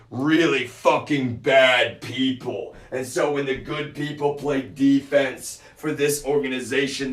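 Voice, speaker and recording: A man streaming live, ranting with heavy swearing and constant repetition, swinging from low muttering to shouts. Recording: echoey room.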